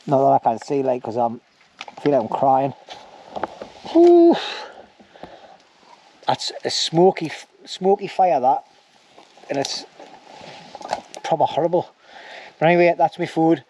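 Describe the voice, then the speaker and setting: Man, bushcraft vlogger, mellow and easygoing, talking to camera outdoors with light background noise. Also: fairly high pitch. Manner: chatty and joking, with lots of "anyway" and "like". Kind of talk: casual outdoor vlog narration. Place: woods outdoors by a campfire.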